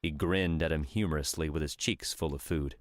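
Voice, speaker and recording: A man narrates an audiobook in a steady, even reading. His voice is very low. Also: a little fast, no room sound. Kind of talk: scripted narration.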